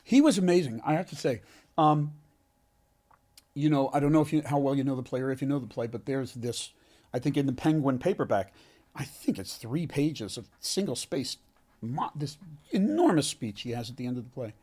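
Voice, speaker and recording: A man, an actor being interviewed, telling a heartfelt story in an earnest, halting way with many restarts. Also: medium pitch, lively intonation, a little mellow. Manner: halting, frequent restarts and self-corrections. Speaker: actor, podcast guest.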